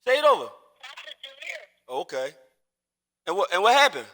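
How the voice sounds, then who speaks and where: A man's voice: high-pitched, big pitch swings, moderate pace, bright, forceful tone. A man chatting casually while gaming on a live stream, rambling and teasing with lots of profanity. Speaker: streamer and father.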